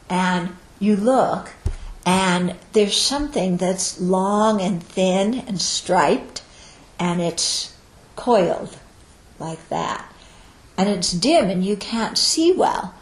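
A woman giving a Buddhist teaching to students, explaining step by step and often checking in with "okay?". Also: mid-range voice. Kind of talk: dharma talk to students. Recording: roomy echo.

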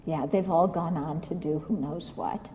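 A woman giving a Buddhist dharma talk, animated and self-mocking, often laughing at her own stories. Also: deep voice, moderate pace, long reverb tail, low-quality recording. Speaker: Buddhist teacher.

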